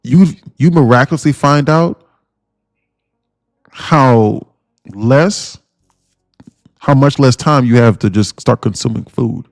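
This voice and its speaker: A man's voice: mid-range voice, slow, long pauses, no room sound, clean studio sound. A man hosting a day-trading livestream in casual chat, rambling and slangy, firing off blunt rhetorical questions and repeating himself.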